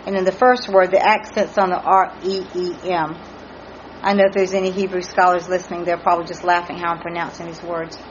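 In a lowish voice that barely moves in pitch, a woman speaks a little fast while teaching a Bible study, spelling out Hebrew words letter by letter with earnest care. The lo-fi audio is muffled, with faint ambience and slight background noise.

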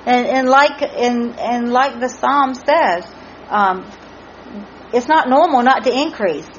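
A woman leads a Bible study, earnestly spelling out Hebrew words one letter at a time in a slow, slightly bright, higher-pitched voice. The muffled lo-fi recording carries faint ambience and slight background noise.

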